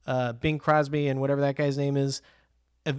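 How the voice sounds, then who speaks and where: A man's voice: medium pitch, normal speed, smooth, no room sound, studio quality. A man co-hosting a podcast, chatting casually and acting out movie scenes with lots of laughter. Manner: animated storyteller, acts out scenes, laughs often. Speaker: podcast co-host. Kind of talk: casual chat about movies.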